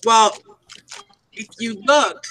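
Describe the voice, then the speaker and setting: Bright, slow-spoken woman sharing craft finds. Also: fairly high pitch, poor audio. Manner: chatty storyteller. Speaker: crafter showing her finds. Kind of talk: casual chat.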